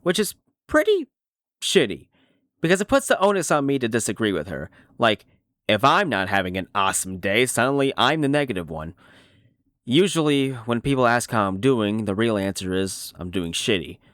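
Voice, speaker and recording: A man plays a cynical middle-aged cartoon horse, a washed-up star who talks in a sardonic, rambling, self-deprecating way. His pitch jumps widely as he riffs. The recording is dry and close, with no room sound. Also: sing-song, normal speed, fairly bright tone, no echo. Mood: bitter. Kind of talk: fan voice dub of animated series.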